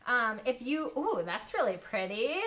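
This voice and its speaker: High voice lady doing a live craft stream from home, chatty and giggly, slow talker. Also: a little hiss or hum. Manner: chatty, giggly, easily excited, talks to viewers. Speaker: art studio host. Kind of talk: live craft demo chat. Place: home studio, dogs in the house. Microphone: live stream from a phone or camera.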